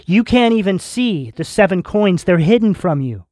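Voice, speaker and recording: A man's voice: high-pitched, animated, normal speed, darkish tone, dry recording, studio quality. A man giving a tarot reading straight to his viewers, earnest and reassuring, with lots of spiritual terms. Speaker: tarot reader.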